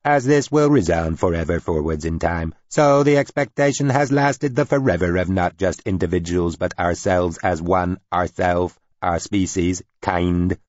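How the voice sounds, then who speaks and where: A man's voice: low-pitched, measured pace, few pauses, darkish tone, no echo, dull audio. A man voicing a zealous, scornful male alien ambassador with insistent, oddly phrased speech in an audiobook. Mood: solemn.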